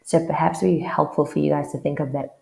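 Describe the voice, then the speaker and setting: A woman's voice: low voice, steady tone, fast, creaky, a little mellow, roomy sound. A South African woman with a South African English accent, teaching a casual online language lesson and often checking in with the viewer.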